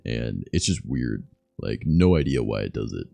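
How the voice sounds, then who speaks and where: A young man from Canada with a deep voice, chatting loosely and softly on his stream, swearing as he goes. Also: very animated, normal speed, creaky, no echo, soft background music. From Southern Ontario, Canada. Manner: soft-spoken, loose and swearing. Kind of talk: casual stream chat.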